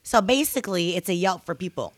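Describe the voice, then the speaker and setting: A woman's voice: fairly low pitch, expressive, dry recording. A woman co-hosting a casual podcast chat, telling stories in a loose, slangy way. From San Francisco. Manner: loose, slangy, drawn-out storytelling. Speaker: podcast co-host.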